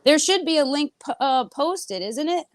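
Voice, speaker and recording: A woman co-hosting a casual live-stream panel, chatty and halting, with lots of fillers. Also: high voice, expressive, a crowd in the background. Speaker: panel co-host.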